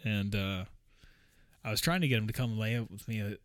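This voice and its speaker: A man's voice: fairly low pitch, brisk, fairly bright tone, clear, resonant tone, dry recording, studio quality. A man telling a rambling, profane story in a casual vlog, often chuckling.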